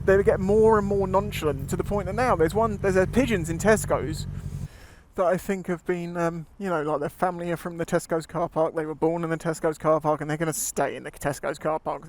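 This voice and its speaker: A man's voice: fairly high pitch, brisk. A man chatting casually on a motorcycle ride, rambling and laughing easily. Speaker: motovlogger. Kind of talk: casual chat while riding. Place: outdoors on a motorbike in town traffic. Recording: loud road and traffic noise.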